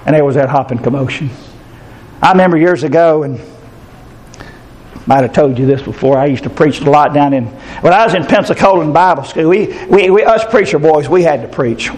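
Older pastor, man, fervent sermon delivery, slightly high voice, shouting peaks. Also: a little fast.

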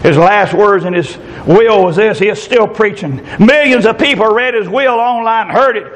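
High-voiced preacher shouting fervently. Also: male voice, low-quality recording. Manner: fervent, drawn-out emphatic delivery with sudden shouts. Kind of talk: shouted revival sermon.

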